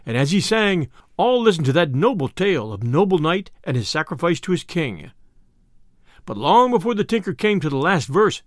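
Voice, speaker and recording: A man reading a classic tale aloud as an audiobook, in an expressive, lilting way. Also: fairly high pitch, no room sound, clean studio sound. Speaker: storyteller.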